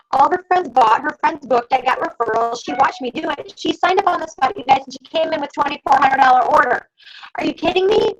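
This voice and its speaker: A woman coaching her sales team over a video call, talking fast and exclaiming often as she calls out to her listeners. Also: sits high. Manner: fast, animated, exclamatory, addresses listeners as "you guys". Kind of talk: energetic sales training talk. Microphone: computer mic on a video call. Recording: dull lo-fi video call audio.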